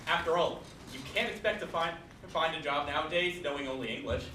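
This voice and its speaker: A man's voice: fairly high pitch, fairly quick, bright, forceful tone. A young man in a student comedy sketch playing a pompous university official who mock-apologizes. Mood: smug. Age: young adult. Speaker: sketch actor. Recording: echoey room, far mic, noisy.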